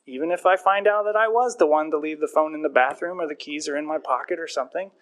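A man's voice: fairly high pitch, quick pace, a bit bright. A man in his thirties, a pastor preaching a sermon in a conversational, storytelling way with self-mocking humor.

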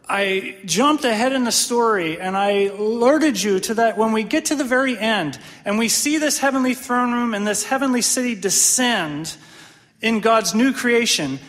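A man preaching a sermon, animated and questioning, often checking in with the congregation with "right?". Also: sits high, long reverb tail. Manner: animated, asks the audience questions, frequent "right?". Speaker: pastor.

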